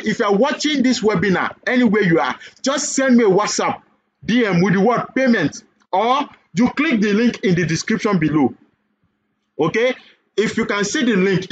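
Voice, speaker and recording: Man, Nigerian accent, high voice, persuasive webinar sales pitch, keeps asking "okay?", lo-fi muffled audio. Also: husky. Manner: persuasive, repeats "okay?" and questions. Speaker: online business coach.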